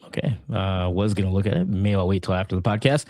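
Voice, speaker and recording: A man's voice: low voice, fairly even intonation, fast, darkish tone, dry recording, clean studio sound. A man co-hosting a soccer podcast, reading out results and standings in a playful, sometimes sing-song way. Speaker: podcast co-host. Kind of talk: casual soccer match review.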